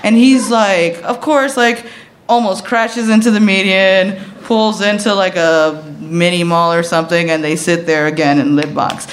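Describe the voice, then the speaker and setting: A woman in her thirties telling a personal story, animated and profane, often laughing as she talks. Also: mid-range voice, a little slow.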